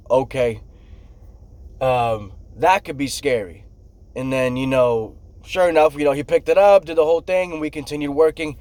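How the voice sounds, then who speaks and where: A middle-aged man who works in construction, telling a casual, profane story and acting out what people said, loud and animated. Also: a little high, normal speed, dry recording. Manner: profane, animated storyteller, acts out shouts and quotes. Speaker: construction worker telling stories.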